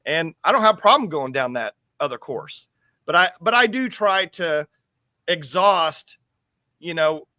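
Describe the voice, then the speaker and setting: A man's voice: fairly high pitch, lively intonation, a little slow, pushed and bright, no echo. A man from the US co-hosting a casual talk show, rambling and repeating words as he thinks aloud. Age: adult with school-age kids. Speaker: show co-host.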